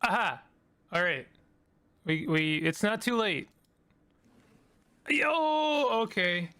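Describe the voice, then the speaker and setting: A man hosting a let's play, chatting excitedly and laughing often as he reads the game's text aloud. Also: high-pitched, slow pace, clear, resonant tone, no echo. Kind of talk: casual gameplay commentary, reading game text aloud.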